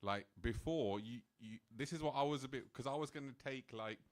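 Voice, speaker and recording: At a temple program, a man tells a personal story in an animated, casual way, filled with "like" and small laughs. His voice is mid-range and fairly quick.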